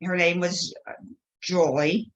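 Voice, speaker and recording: A woman speaking as a guest in an interview, telling stories with lively acted-out quotes. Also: fairly low pitch, takes it slowly, a little hiss or hum, rough recording. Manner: animated storytelling with acted quotes. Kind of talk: conversational interview.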